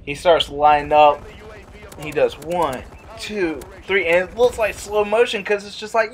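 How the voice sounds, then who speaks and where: Young guy vlogging, tells a story, jumps up high when quoting people. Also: measured pace. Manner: animated, acts out quotes in a higher voice. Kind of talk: casual storytelling.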